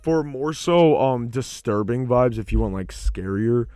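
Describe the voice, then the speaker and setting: A young man co-hosts a casual podcast, rambling through his points with plenty of "like" and "um" and some swearing. His voice sits at an ordinary pitch. It is recorded close and dry, with no room sound. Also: animated, unhurried, warm tone, clear, resonant tone, dry recording. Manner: rambling, heavy use of "like" and "um", swears freely. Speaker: podcast co-host. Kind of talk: casual chat.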